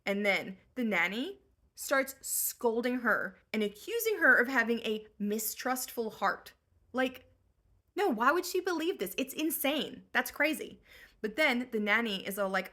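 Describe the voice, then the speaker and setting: A woman's voice: medium pitch, animated, moderate pace, pushed and bright. A woman hosting a comedic story recap, chatty and full of sarcastic asides. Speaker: host.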